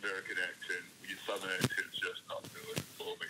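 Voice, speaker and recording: Australian man, clipped and amused, lively pitch, clicky phone line. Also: fast, very noisy. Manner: curt, amused, brushing off. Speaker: pastor taking a prank call.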